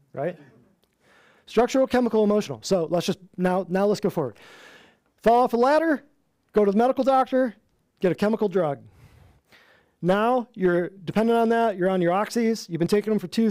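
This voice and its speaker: A man's voice: high voice, mellow, dry recording, clean studio sound. A man teaching a natural health class in an emphatic, repetitive lecture style, often asking the room questions.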